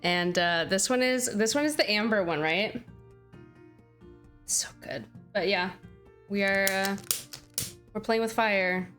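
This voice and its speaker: A woman's voice: mid-range voice, normal speed, fairly bright tone, faint music behind. A young woman streaming a game who chats casually and bubbly with her viewers, thanking them by name. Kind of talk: casual livestream chat.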